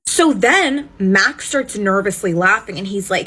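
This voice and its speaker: A woman's voice: medium pitch, lively intonation, measured pace, hardly any pauses, bright, forceful tone, husky. A woman casually recapping a story in an emphatic, indignant way, swearing freely. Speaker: storytime vlogger.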